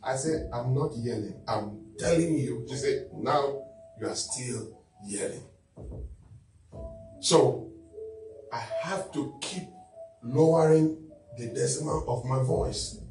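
A bishop speaking as a talk-show guest, teaching on marriage in a loud, preacherly way. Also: male voice, mid-range voice, unhurried, pauses often. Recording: echoey room, distant mic, faint music.

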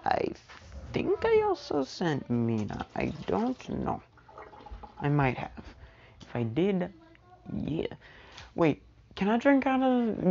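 A woman's voice: mid-range voice, huge pitch swings, slow pace, creaky, pauses often, a little mellow, highs cut off. A woman telling a fan story in a casual, rambling way at home, full of "you know" and "anyway". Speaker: storyteller vlogger. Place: at home with family around.

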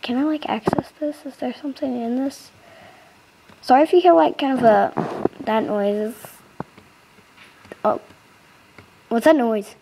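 A woman's voice: high voice, unhurried, long pauses, noisy background. A young woman casually commenting on her gameplay, chatty and giggly, easily startled, into a close computer mic. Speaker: gaming channel host.

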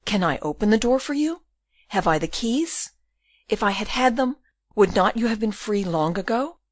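A frightened young woman, tearful and pleading, voiced by a woman in an audiobook. Her mid-pitched voice is recorded dry, with no room sound. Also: lively intonation, moderate pace, no room sound, natural voice. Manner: sobbing, pleading.

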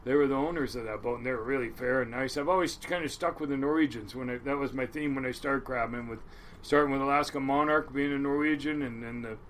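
Telling stories in a relaxed interview, this middle-aged Washington State man, a crab boat captain, is lively, curses freely and keeps starting over. He talks fast at a medium pitch, with slight background noise.

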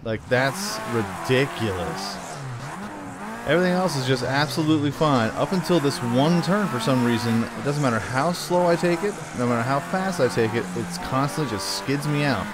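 A man's voice: medium pitch, moderate pace, very noisy. A man hosting a casual let's-play, joking and grumbling at the game while he plays, with the hiccups. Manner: animated, joking, talks back to the game. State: has the hiccups. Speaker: gaming channel host.

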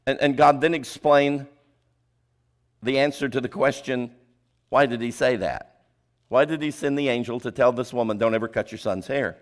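A male preacher giving a sermon, asking the congregation rhetorical questions and dropping his voice low for emphasis. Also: steady tone, moderate pace, pauses often. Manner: drops pitch and volume for emphasis.

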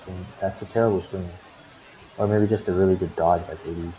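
Calling the action of a simulated basketball game for his own team, a sim-league manager speaks in a low, steady tone at a brisk clip, cursing frequently and griping at his players. Music plays in the background of the dull lo-fi recording.

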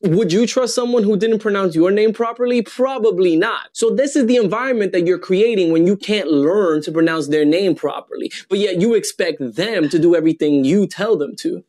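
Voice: mid-range voice, a little mellow. Earnest, emphatic speaker in a video. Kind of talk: scripted video address.

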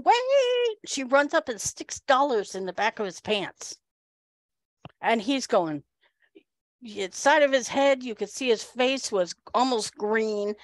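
A woman giving a humorous storytelling speech at a speaking club, animated and acting out the people in her story. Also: fairly high pitch, no room sound.

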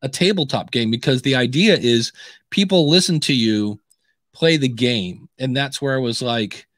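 Speaking at an ordinary pace in a mid-range, somewhat bright voice, this middle-aged American podcast co-host wanders through stories in casual chat, acting out every line he quotes. The studio-quality recording has no echo.

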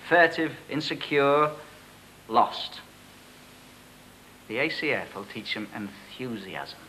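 Man playing stern cadet officer, sardonic, needling questions, bright forceful voice, faint hiss. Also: medium pitch, animated, slow, low-quality recording. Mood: questioning. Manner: dry, probing, needling questions. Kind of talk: amateur drama acting.

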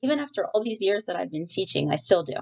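A woman's voice: mid-range voice, sing-song, fast talker, gravelly, darkish tone, muffled recording. A middle-aged woman teacher chatting in a friendly way with many fillers, reading a storybook aloud to students from home.

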